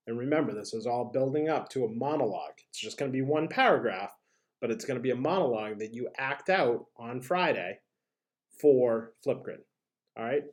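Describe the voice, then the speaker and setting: A man teaching drama, giving upbeat classroom instructions and leading call-and-answer chants. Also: mid-range voice.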